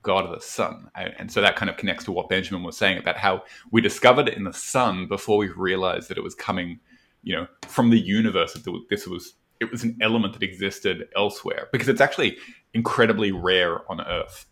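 A man co-hosts a casual podcast chat. His voice sits a little low. He explains things thoughtfully and hesitates with fillers. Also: fairly quick, a bit bright. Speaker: podcast co-host.

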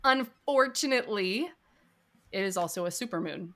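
Bright-voiced chatty woman podcaster. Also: medium pitch, lively intonation, normal speed. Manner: chatty, giggly, lots of fillers. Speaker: podcast co-host. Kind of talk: casual podcast chat.

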